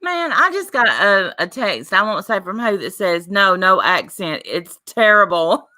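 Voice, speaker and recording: A woman's voice: medium pitch, big pitch swings, unhurried, sharp tone. A woman co-hosting a casual livestream chat in a sassy, mocking, teasing way. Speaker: livestream co-host.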